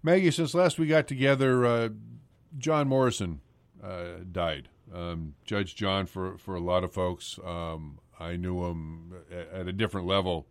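Male radio host, deep, halting and casual, dry close mic. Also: fairly even intonation, no room sound. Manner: halting, many fillers and restarts.

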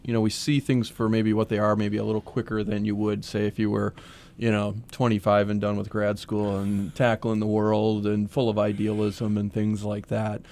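A middle-aged man with a low, gravelly voice answers as a radio guest. He speaks in a measured, thoughtful way and pauses over his words. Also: completely flat delivery, a little mellow. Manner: measured, thoughtful, many fillers. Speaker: city manager, guest. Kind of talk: casual interview talk.

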